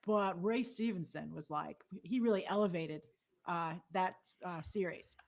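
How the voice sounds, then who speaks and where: A woman's voice: lowish voice, unhurried, gravelly. A middle-aged woman co-hosting a movie news show in casual chat, opinionated and reading out viewer comments and polls.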